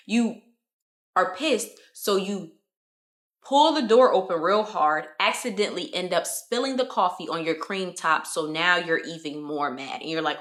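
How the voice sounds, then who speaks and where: A young woman vlogger giving a motivational talk to camera, animated, often acting out quoted voices. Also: lowish voice, moderate pace. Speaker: lifestyle vlogger.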